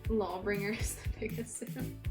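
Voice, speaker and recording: A woman's voice: medium pitch, steady tone, normal speed, music in the background. A woman streamer chatting casually with her viewers, teasing them and laughing often.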